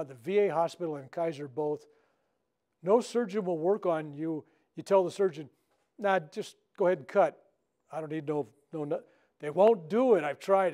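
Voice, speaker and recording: An older man, a minister, leads a workshop for a live group in a spiritual center meeting room, speaking at a fairly high pitch with a darkish tone. His style is conversational storytelling, and he keeps checking in with "right?"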